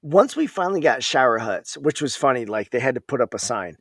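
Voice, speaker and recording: A man's voice: mid-range voice, very animated, fairly quick, dry recording, clean studio sound. A man, an Army veteran guest, telling war stories in casual podcast chat in a laid-back, profane way.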